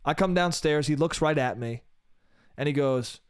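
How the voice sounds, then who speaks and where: A man's voice: fairly high pitch, moderate pace, clear, resonant tone, no room sound, clean studio sound. A young man hosting a solo podcast, telling a story in a casual, profane style full of "bro" and "dude".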